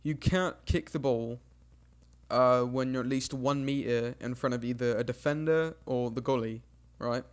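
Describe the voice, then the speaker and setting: A young man streaming games, casually telling an embarrassing childhood story, lively and laughing at himself as he acts out what people said. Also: medium pitch, normal speed, clear, resonant tone. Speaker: game streamer.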